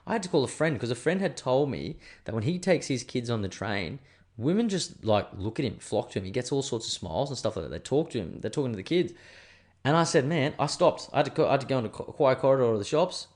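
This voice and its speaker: A man's voice: mid-range voice, lively intonation, fast. A young man hosting a solo podcast, chatting casually and swearing as he rambles through stories. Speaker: podcast host.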